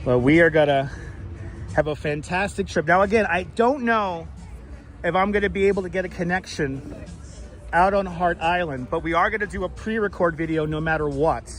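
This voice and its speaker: Male street live-streamer, high voice, loose and profane, clip-on mic outdoors. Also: normal speed, soft background music. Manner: loose, chatty, swears, laughs often. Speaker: live-stream host and tour guide. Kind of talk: casual live-stream chat. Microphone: wireless clip-on mic.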